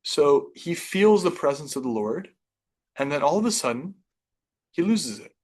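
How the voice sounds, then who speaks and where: Man teaching a relaxed scripture class. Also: on the high side, normal speed. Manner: conversational, reflective, with restarts and softer asides. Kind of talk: reading and explaining scripture to a class.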